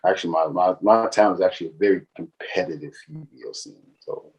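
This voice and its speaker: A man's voice: low voice, fairly quick, highs cut off. A man co-hosting a podcast, talking casually and hesitantly with restarts. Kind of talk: casual chat.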